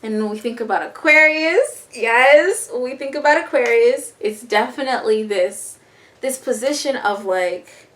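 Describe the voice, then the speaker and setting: A young woman casually explaining astrology in a playful, slangy, animated way. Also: fairly high pitch, a little slow. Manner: animated, slangy, playful, breaks into quoted voices and laughs. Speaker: astrology vlogger.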